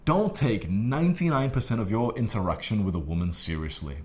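A young man delivers a profane advice monologue in a blunt, condescending way. His pitch swings widely as he lectures, and he swears in nearly every sentence. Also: animated, a little fast, a little mellow. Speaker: dating advice host.

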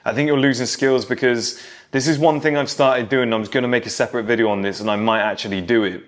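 A man's voice: mid-range voice, fairly even intonation, quick pace. A man in his thirties talking casually to camera, reminiscing and lecturing younger viewers about how things used to be. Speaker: vlogger.

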